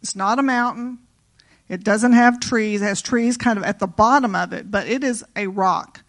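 A woman's voice: medium pitch, moderate pace. A middle-aged woman giving an informal, conversational sermon, full of personal stories and "you know" asides. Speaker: preacher.

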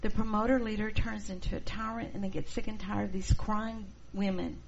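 Gravelly woman teaching a church class. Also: medium pitch, brisk, few pauses. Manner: expressive, acts out quoted people. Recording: dull lo-fi recording, faint noise.

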